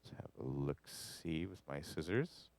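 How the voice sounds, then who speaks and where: Rambling, low-voiced man teaching production. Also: expressive, measured pace, a little mellow. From Canada. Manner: rambling, jokey, talks to the audio as he edits. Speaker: music production instructor. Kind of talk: live studio master class.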